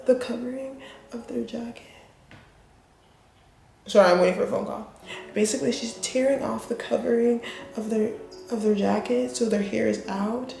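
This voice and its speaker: A woman's voice: a little high, steady tone, moderate pace, creaky, darkish tone. A woman vlogging casually to camera, chatty and emotional, calling her viewers y'all. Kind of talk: casual vlog talk to camera. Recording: echoey room with faint music.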